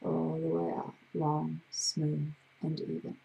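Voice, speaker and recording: A woman hypnotherapist with a gravelly voice, leading a slow, soothing guided breathing exercise. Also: low-pitched, completely flat delivery, warm tone, lo-fi sound. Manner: slow, soothing, drawn-out guidance.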